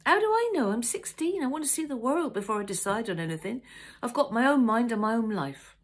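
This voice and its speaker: A woman's voice: fairly high pitch, big pitch swings, a little fast, pitched above the performer's own voice. A woman reading a restless teenage boy. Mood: defensive. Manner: defensive, earnest. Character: sixteen-year-old boy, restless and defensive.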